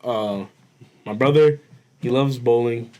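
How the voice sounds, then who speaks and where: A young man co-hosting a podcast, telling a story in casual chat, animated and profane, laughing as he goes. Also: mid-range voice, takes it slowly, dull audio. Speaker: podcast co-host.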